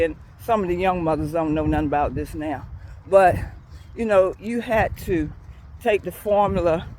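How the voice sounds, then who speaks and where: A woman's voice: mid-range voice, a little mellow, a little hiss or hum, low-quality recording. Folksy woman teaching on a walk. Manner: folksy storytelling, chuckling often. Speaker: church school teacher. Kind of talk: devotional talk while walking. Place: outdoors on a morning walk.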